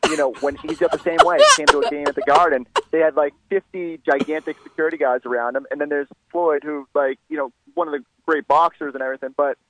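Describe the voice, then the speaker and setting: A man's voice: a little high, fairly even intonation, fast, hardly any pauses, a bit bright, rough recording. A man appearing as a sports reporter guest on a radio show, talking in a rambling way with many restarts. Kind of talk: casual radio interview.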